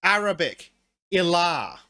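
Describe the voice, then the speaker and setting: A man hosting a podcast, chatting in an excitable way with stumbling restarts. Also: high voice, takes it slowly. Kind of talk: casual chat.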